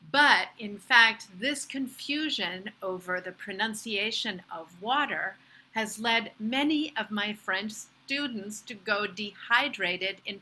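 American woman teaching pronunciation; bright, clear, unhurried delivery with modeled words. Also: a little high, rough recording. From United States. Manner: slow, clear, demonstrates pronunciations. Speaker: English pronunciation coach. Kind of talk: presentation talk at a virtual fair.

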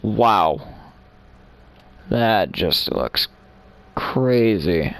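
A man narrates his gameplay in a loose, unhurried ramble, chuckling now and then as he talks to himself and his viewers. His voice is smooth and clear. The sound is close and dry, with no room around it. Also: medium pitch, animated, no echo. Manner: chuckles often. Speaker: gaming channel host. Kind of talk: casual gameplay commentary.

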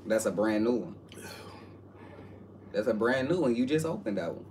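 A man's voice: medium pitch, lively intonation, moderate pace, a little mellow, a little hiss or hum. A man in joking banter, teasing and bossing his friend around playfully. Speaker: co-host.

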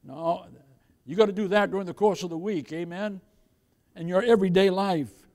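A man preaching a sermon as pastor, swinging from loud exhortation down to near-whispers, with many calls of "beloved" and "Amen?". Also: sits high, moderate pace, long reverb tail. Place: church sanctuary.

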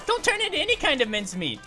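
Cartoon grape girl gamer host: goofy, excitable, giggly, with a high, lively voice and faint music behind. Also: fairly quick, full character voice. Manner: giggly, punny, yelps at danger. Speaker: host of gaming videos. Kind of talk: animated let's-play commentary.

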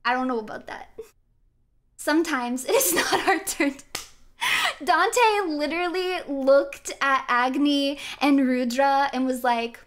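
A woman with a high, bright-pitched voice, chatting casually to her viewers as she plays. She is giggly and playful and laughs often between her thoughts. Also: slow pace. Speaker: streamer. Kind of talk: casual chat while gaming.

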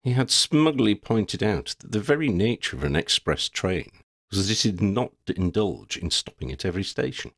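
A man narrating a fantasy story in a measured, expressive reading. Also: fairly low pitch, dry recording, clean studio sound. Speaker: audiobook narrator.

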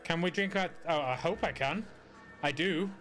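Guy playing a game and muttering wry little remarks, voice a bit high, soft game music under him. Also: moderate pace. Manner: wry, muttering asides to himself. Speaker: let's play gamer. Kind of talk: casual gameplay commentary.

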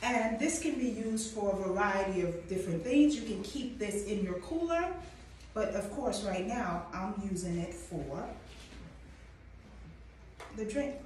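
A woman chef walks through a dish in a chatty, encouraging way, talking straight to the viewer. She is recorded from a distance in a very echoey kitchen, with clear background noise. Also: medium pitch, expressive, unhurried, darkish tone. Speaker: chef and host. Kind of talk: cooking demonstration. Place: kitchen at a coffee company. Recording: echoey room, mic far off, background noise.

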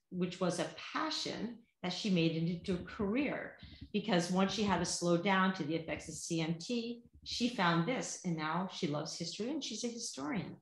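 A woman from Vermont co-hosting a podcast, talking loudly and with animation. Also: mid-range voice. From Vermont, USA. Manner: loud, projecting, animated. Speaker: podcast co-host. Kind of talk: casual chat. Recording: roomy echo.

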